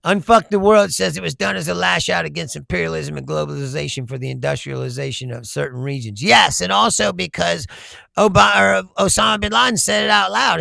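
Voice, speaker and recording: A man's voice: fairly high pitch, fairly quick, creaky, sharp tone, no echo, studio quality. An American man hosting a casual political livestream, reading chat comments aloud, swearing freely and laughing often. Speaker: livestream host.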